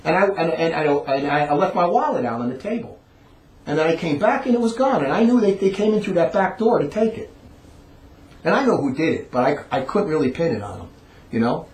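Man, rambling emphatic ranter, high voice, echoey room. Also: sing-song, a little fast, a little mellow. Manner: rambling, emphatic, repeats words. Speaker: monologue speaker. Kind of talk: ranting monologue. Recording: roomy echo.

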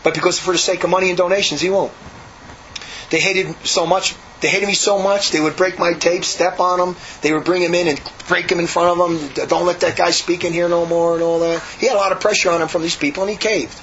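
A man in a religious order tells a long, meandering story, jumping in pitch whenever he gets worked up. His voice sits somewhat high for a man. The recording is dull and lo-fi, with a faint hiss underneath. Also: fast. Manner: animated, rambling, acts out quotes. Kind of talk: conversational storytelling.

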